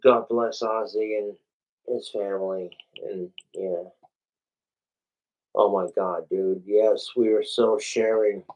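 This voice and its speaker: A man livestreaming in a casual, rambling, excitable way, a bit tipsy and slurring from alcohol, swearing often. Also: lowish voice, takes it slowly, low-quality recording.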